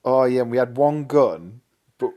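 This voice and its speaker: Chatty man in his 30s, sing-song, animated delivery, reminiscing with a friend. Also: mid-range voice, normal speed, faint music behind. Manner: chatty, laughs a lot, asks for agreement with tag questions. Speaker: podcast co-host. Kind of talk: casual reminiscing chat.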